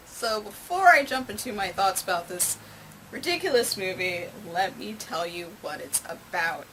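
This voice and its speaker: Woman doing a casual movie review, sarcastic and chatty, bright highish voice, a bit of hiss in the background. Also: expressive, normal speed, low-quality recording.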